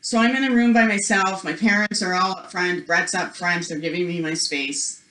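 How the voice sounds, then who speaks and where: A woman's voice: on the low side, fairly even intonation, normal speed, pushed and bright. Woman telling her own story at a spiritual workshop, chatty, lots of "like", does little voices for people, echoey room. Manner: chatty, full of "like" and "you know". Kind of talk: personal storytelling.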